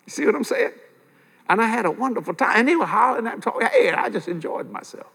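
An older man delivers a sermon in a slightly high voice, spinning lively stories with chuckles and driving his main points home by repeating them. His voice carries a long reverb, as if he is recorded in a large church hall. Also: fast, creaky, breathy edge. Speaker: preacher.

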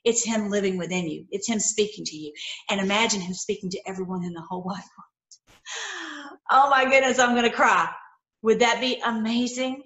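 A woman's voice: medium pitch, expressive, normal speed, roomy sound. Effusive older woman teaching the Bible. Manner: effusive, full of rhetorical questions. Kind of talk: informal Bible teaching and prayer.

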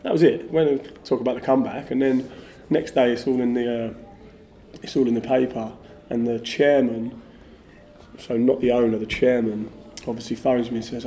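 Speaking fairly quickly at medium pitch, a middle-aged ex-footballer shares casual anecdotes as a podcast guest. He's animated and lively, leaning heavily on fillers like "like."

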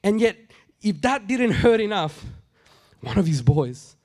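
A middle-aged man delivers a sermon in a raised, light pitch. He talks to the congregation conversationally, stumbling into asides, then drives points home by saying them twice. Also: big pitch swings, unhurried, darkish tone. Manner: conversational preaching, repeats phrases for emphasis, acts out quotes. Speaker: pastor.

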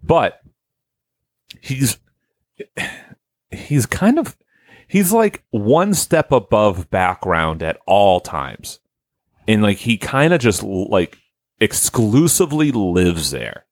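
A man's voice: on the low side, sing-song, slow pace, long pauses, no room sound. A man hosting a podcast, talking in a loose, rambling, conversational way. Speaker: podcast host. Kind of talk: casual chat.

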